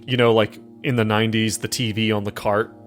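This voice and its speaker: A low-pitched man runs a tabletop horror game, narrating scenes in a loose, rambling way. Faint music plays under the session. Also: flat delivery, fairly quick. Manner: rambling, with frequent fillers. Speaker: game master.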